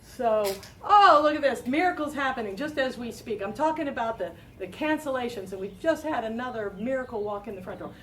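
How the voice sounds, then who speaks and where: A woman's voice: a little high, expressive, brisk, few pauses, distant mic, a little hiss or hum. A woman in her late fifties hosting a talk show, telling a rambling, self-deprecating story to a live audience. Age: late 50s. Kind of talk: casual chat to a live audience.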